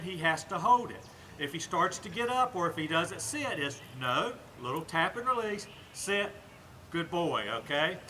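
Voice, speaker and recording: A man working as a dog trainer, calmly explaining a training demonstration and giving short, firm commands to a dog. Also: high voice, a little hiss or hum.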